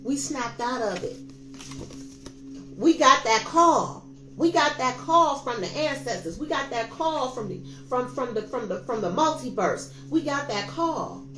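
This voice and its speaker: Woman in her fifties, tarot reader, preachy and emphatic, high voice, echoey room with soft music behind. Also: expressive, measured pace. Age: 50s. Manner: emphatic, preachy, addresses viewers as y'all. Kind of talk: casual tarot reading monologue.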